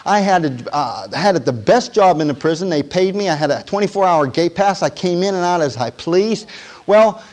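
A man preaching his testimony as a story, speaking with a somewhat high voice. He draws the congregation in with questions and moves between soft, hushed stretches and loud, emotional bursts. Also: expressive, moderate pace, low-quality recording. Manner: storytelling, asks the audience questions; swings from quiet to loud and emotional. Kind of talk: sermon testimony.

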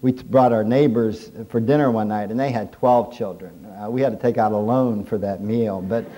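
A middle-aged male preacher with a warm, mellow voice. He delivers his sermon in a folksy storytelling way, working jokes in as he goes. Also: lowish voice, steady tone, moderate pace, slight background noise. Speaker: pastor. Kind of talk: humorous sermon.

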